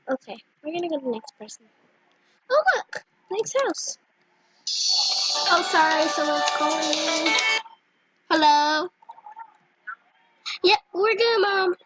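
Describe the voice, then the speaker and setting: A young female gaming vlogger chatting casually and giggly over her gameplay, with squealing excited asides. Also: high voice, rough recording. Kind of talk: casual game commentary.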